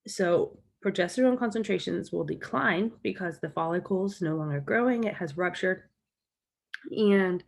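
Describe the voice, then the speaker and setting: A woman's voice: lowish voice, creaky. A woman explaining a topic as a college lecturer in a recorded lecture, walking through slides and recapping key points.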